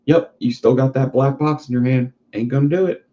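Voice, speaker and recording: A man's voice: medium pitch, steady tone, fairly quick, dark tone, lightly acted. A man voicing a smug male house cat that mocks humans with profane scorn. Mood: scornful. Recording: dull lo-fi sound.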